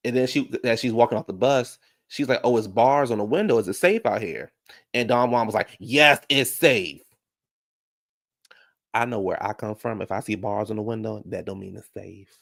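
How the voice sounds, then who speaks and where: A man hosting a casual YouTube show, recapping a reality TV episode and talking to his viewers in chat, jumping into animated high voices when he quotes people. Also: brisk, gravelly. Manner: talks back to viewers in chat. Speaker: YouTube reaction show host.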